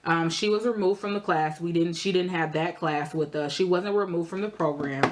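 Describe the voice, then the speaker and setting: A young adult woman, telling a story in a casual, animated way while eating, her voice jumping high for emphasis. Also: normal speed. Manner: animated, expressive storytelling with sudden high jumps in pitch. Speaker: vlogger.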